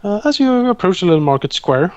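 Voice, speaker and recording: A man's voice: sits high, very animated, fast talker, darkish tone, no room sound, dull audio. A man narrating as game master of a tabletop game, hesitant, with many fillers. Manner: hesitant, many fillers, acts NPC lines in quotes.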